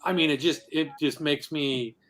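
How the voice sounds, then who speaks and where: A man's voice: fairly high pitch, steady tone, normal speed, a bit bright. A man talking as a guest on a podcast, telling how he founded a comic convention in an earnest, rambling way. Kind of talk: casual podcast interview.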